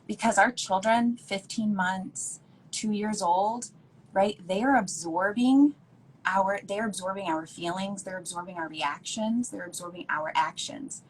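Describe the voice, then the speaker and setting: A woman's voice: medium pitch, a little slow, slight background noise, rough recording. A woman speaking as an educator guest, earnest and emphatic, repeating points for stress over a video call. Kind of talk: casual conversational interview.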